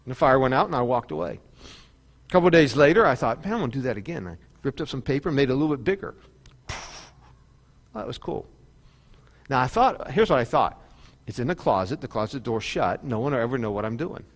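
A male pastor preaches in a sermon, his voice carrying a long hall reverb. He moves between fervent, climbing appeals and quieter, conversational storytelling, repeating phrases for emphasis. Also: mid-range voice, animated, fast talker. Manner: preaching with rising fervor and repetition.

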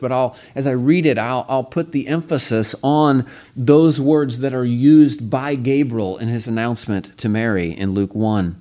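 A pastor delivering a Sunday sermon, reading scripture aloud with slow, emphatic stress on key phrases. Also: male voice, mid-range voice, darkish tone.

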